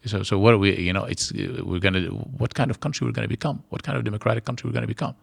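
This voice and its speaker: A man from Syria, a guest in a studio interview, who talks haltingly with many restarts and fillers. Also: lowish voice, fairly even intonation, vocal fry, husky, no room sound.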